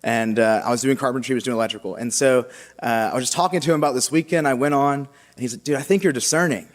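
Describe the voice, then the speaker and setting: A young man sharing his personal faith story with a congregation, halting and casual with many fillers and restarts. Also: mid-range voice. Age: young adult. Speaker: seminarian giving a vocation talk. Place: large church. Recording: long church reverb.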